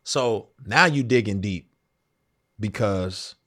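A man hosting a podcast in casual conversation, excitable and quick to laugh. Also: on the low side. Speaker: podcast host.

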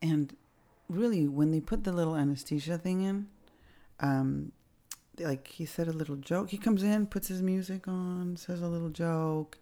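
Podcast host, middle-aged woman, low mellow voice, candid casual storyteller. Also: moderate pace. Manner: candid, casual, swears, laughs often. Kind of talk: personal storytelling.

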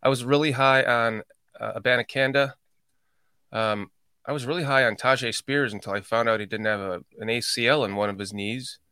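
A man's voice: mid-range voice, fairly even intonation, fairly quick, pushed and bright, clean tone, dry recording. A man hosting a casual chat, playful and often restarting his sentences. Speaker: podcast host.

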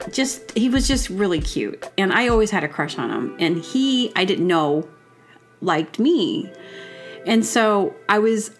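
A woman hosting a podcast, telling comic personal stories in a rambling, animated way and acting out quotes in exaggerated voices. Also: on the low side. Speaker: podcast host. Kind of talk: casual comedic storytelling. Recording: music playing behind.

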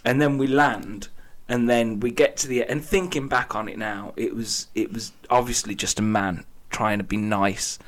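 A man's voice: lowish voice, normal speed, few pauses. Laughing storytelling young man. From England. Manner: animated storyteller, acts out quotes with laughter. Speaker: podcast co-host. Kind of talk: casual chat, storytelling.

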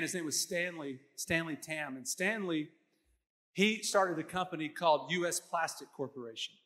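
A man's voice: high-pitched, pushed and bright, long reverb tail. A man pastor preaching a sermon, telling stories with quoted voices and laughing now and then.

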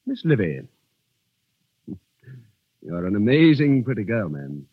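An earnest, courtly army captain lectures in formal phrases, his voice swooping dramatically up and down. His tone is husky, and the old radio recording muffles it. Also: lowish voice, big pitch swings, slow, no room sound, phone-quality sound, exaggerated voice. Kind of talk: 1930s radio drama acting.

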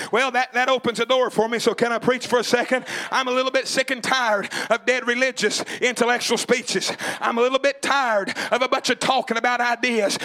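A man preaches to his congregation with a very high, bright, piercing voice. He builds fervent rhythmic runs of repeated phrases and breaks into shouts. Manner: fervent, shouting in rising bursts; repetitive rhythmic preaching cadence. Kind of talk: Pentecostal sermon. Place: church before a congregation.

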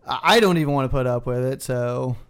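A man's voice: mid-range voice, a little fast, clear, resonant tone. A man co-hosting a podcast who tells crude stories and swears constantly in casual banter. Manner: profane, swears constantly while storytelling. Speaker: podcast co-host.

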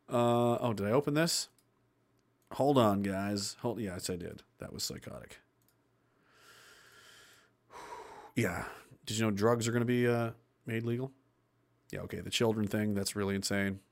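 A man's voice: lowish voice, a little slow, vocal fry, long pauses. A man hosting a livestream, reading out chat comments and ranting bluntly with lots of swearing and laughs between points. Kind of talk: casual ranting livestream talk.

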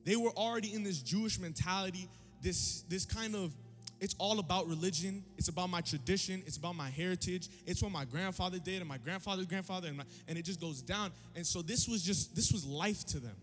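A man preaching a casual, slangy Bible study sermon in an animated, conversational way. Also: high voice, fairly quick, big-room sound, soft background music.

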